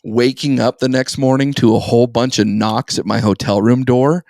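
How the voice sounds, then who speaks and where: A man's voice: mid-range voice, fairly even intonation, normal speed, vocal fry, a little mellow, dry recording, studio quality. A man co-hosting a podcast, telling a rambling story in a casual chat and laughing at himself as he goes. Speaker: podcast co-host.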